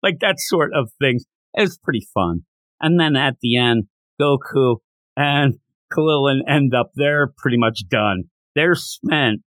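A man hosting a podcast, casually retelling a comic chapter and acting out the characters' lines in quick, higher voices. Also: lively intonation, a bit bright, no echo. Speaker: podcast host. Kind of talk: casual manga recap.

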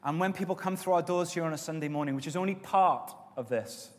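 A man preaching a sermon as pastor, with stretches of loud, emphatic exhortation and softer prayer. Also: a little high, fast. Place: church auditorium. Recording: long reverb of a church hall.

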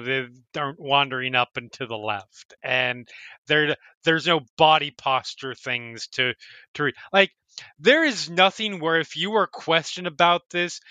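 Bright-voiced man running a tabletop game. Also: on the high side, dry recording. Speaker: dungeon master.

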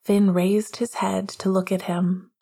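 A woman reading romance narration in a hushed, half-whispered voice. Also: mid-range voice, level tone, slow pace, creaky, breathy edge. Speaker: audiobook narrator.

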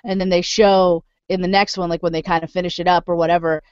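A woman chatting casually on a podcast, animated and profane, swinging into loud indignant rants. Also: fairly low pitch, quick pace, clear, resonant tone, dry recording, lo-fi sound. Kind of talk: casual chat.

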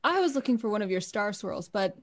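A woman speaking in character as a gentle, gracious noble during a tabletop game. Her voice sits at an ordinary middle pitch, and she talks in a kind, polite way. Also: very animated, fairly quick. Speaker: player. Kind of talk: in-character tabletop role-play.

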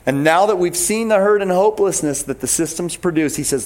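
A male pastor delivering a sermon with a fairly high voice. He preaches in an animated, emphatic way, talking straight to the people in front of him. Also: brisk.

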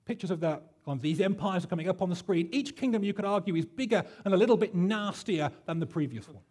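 A pastor delivering a sermon in a chatty, self-deprecating storytelling way, with plenty of fillers. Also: male voice, high voice, expressive, fast talker, darkish tone, husky.

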